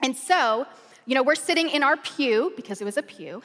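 Woman pastor, high bright pitch, lively comic sermon storytelling, long hall reverb. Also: moderate pace. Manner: animated, excited and chatty. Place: large church auditorium.

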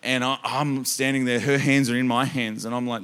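A man preaching to a church congregation, telling animated stories that he acts out with loud bursts of emphasis. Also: medium pitch, fairly quick, hardly any pauses, clear, resonant tone. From Australia. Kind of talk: storytelling sermon.

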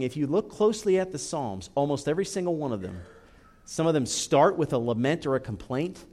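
A man preaching a sermon, rising high and loud when he acts out cries to God, then dropping low and quiet for emphasis. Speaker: pastor.

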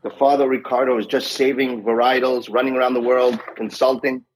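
A man with a slightly husky, mid-pitched voice tells stories in conversation. He gets animated, acts out what others said, and often repeats words as he restarts a sentence. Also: a little fast, rough recording. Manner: animated anecdotes, acts out quoted dialogue. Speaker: guest, doctor and wine importer. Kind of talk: conversational storytelling.

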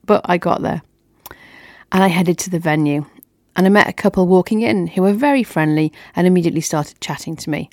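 A woman's voice: fairly low pitch, a little fast, dry recording, studio quality. A woman telling a personal story on her podcast in an upbeat, chatty way.

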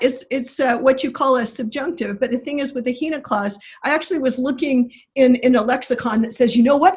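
Woman scholar, husky voice, earnest, keeps restarting sentences as she explains grammar. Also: fairly high pitch, darkish tone. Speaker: biblical Greek scholar guest. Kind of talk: explanatory interview talk.

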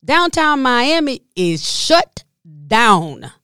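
Slow-talking woman telling a story. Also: smooth, dry recording, clean studio sound. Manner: animated, addresses listeners as y'all, voice drops low and soft when moved. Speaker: podcast host. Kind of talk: personal storytelling podcast.

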